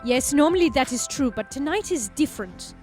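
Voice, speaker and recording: A woman's voice: high-pitched, expressive, a little fast, a little mellow, faint music behind, pitched above the performer's own voice. A woman voicing a pair of stiff, formal German men in a put-on German accent, with stilted and overly polite phrasing. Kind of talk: let's play character voicing.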